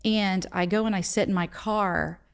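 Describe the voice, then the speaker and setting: A woman's voice: medium pitch, steady tone, normal speed, gravelly, smooth. A middle-aged woman, a guest telling a personal story in conversation, acting out the dialogue in earnest. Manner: retells events by acting out quoted dialogue, earnest.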